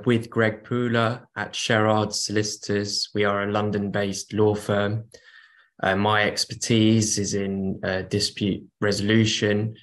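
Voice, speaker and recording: A male solicitor joins the panel remotely. His voice is low and even. He is courteous and formal.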